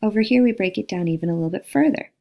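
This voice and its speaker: A woman's voice: medium pitch, animated, racing, creaky, dark tone. A woman lecturing on linguistics, walking through slides and saying example words aloud to model each sound. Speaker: linguistics instructor. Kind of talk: recorded lecture over slides.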